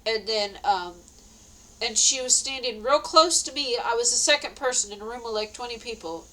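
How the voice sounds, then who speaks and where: A woman's voice: fairly high pitch, moderate pace, pushed and bright, low-quality recording. A woman telling a personal story in a casual, rambling way, with many restarts and quoted exclamations. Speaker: vlogger.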